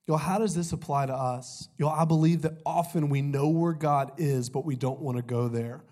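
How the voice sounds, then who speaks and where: A young pastor preaches in a loose, conversational way, throwing in "y'all" and small jokes. His voice is slightly rough from a cold, and he speaks into a stage mic. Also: a little high, fairly even intonation, moderate pace, warm tone. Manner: conversational, jokey, says "y'all" often. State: recovering from a cold, voice a little off. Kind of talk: sermon.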